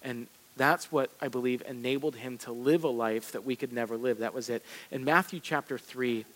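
A man preaching a sermon in a relaxed, conversational way, with self-deprecating asides and emphatic repetition. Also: mid-range voice, normal speed, poor audio. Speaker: pastor. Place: church sanctuary.

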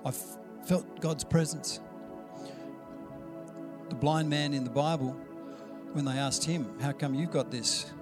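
Man, sermon, chatty storytelling preacher, somewhat high voice, music behind. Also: slow pace, long pauses. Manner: conversational storytelling preacher, acts out quoted dialogue. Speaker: pastor.

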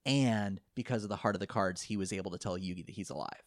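On a podcast, a male co-host casually recaps an anime episode, rambling animatedly, laughing often, and quoting the characters. He speaks fast in a low voice, recorded cleanly in a studio with no echo.

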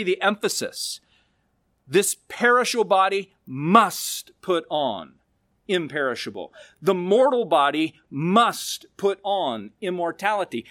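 Man, pastor, sermon, high voice, lively swooping pitch, slow emphatic delivery. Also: no room sound, studio quality. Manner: expressive preaching with slow emphatic stresses.

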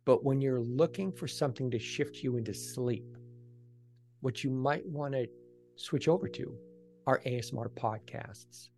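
Gravelly-voiced man explaining calmly. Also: medium pitch, a little slow, faint music behind. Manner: relaxed, explains patiently with everyday examples. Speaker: guest expert on ASMR. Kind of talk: casual explanatory chat.

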